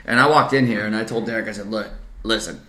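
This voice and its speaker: A man, co-hosting a podcast in casual chat and ranting loudly and profanely for comic effect. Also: fairly low pitch, fast talker. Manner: profane, loud comic rants. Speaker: podcast co-host.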